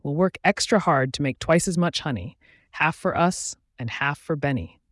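A gracious, apologetic queen bee from a bedtime storybook, as a man reads her, slightly high and close-miked. The sound is dry, with no room around it. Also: expressive, normal speed, fairly bright tone, no room sound.

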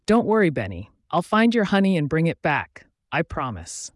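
Guy putting on a brave little bear cub, earnest, kinda high, dry close sound. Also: very animated, normal speed, dry recording. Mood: eager. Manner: earnest, polite. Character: eager brave young boy bear cub.

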